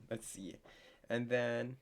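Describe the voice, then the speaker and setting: A young man teaching a casual online French lesson, chatty and full of fillers, slowing down to spell out words. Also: medium pitch, a little hiss or hum.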